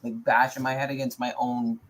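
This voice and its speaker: A woman's voice: extremely low pitch, a little fast, slight background noise. Blunt woman telling a heated story. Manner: blunt, animated storytelling with swearing. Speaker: mother. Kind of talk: casual storytelling chat. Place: home.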